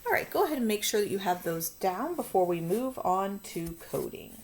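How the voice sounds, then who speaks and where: A woman's voice: mid-range voice, sing-song, normal speed, noisy background. A woman teacher talking students through a phonics coding lesson, patient and encouraging.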